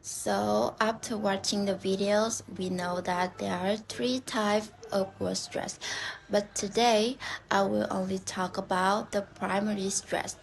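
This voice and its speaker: A woman with a Vietnamese accent giving a class presentation in a slow, plain, scripted way. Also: medium pitch, steady tone, gravelly, poor audio. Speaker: student presenter.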